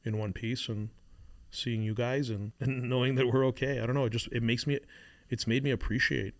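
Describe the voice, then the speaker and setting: A man in his thirties co-hosting a podcast, talking in a reflective, halting way with many restarts. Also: mid-range voice, fairly even intonation, gravelly. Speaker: podcast co-host. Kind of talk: casual chat.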